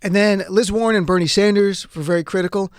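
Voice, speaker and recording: A man's voice: high voice, fairly even intonation, fast talker, noisy background. A man hosting a political talk show, giving emphatic, sarcastic commentary from a studio. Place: radio studio.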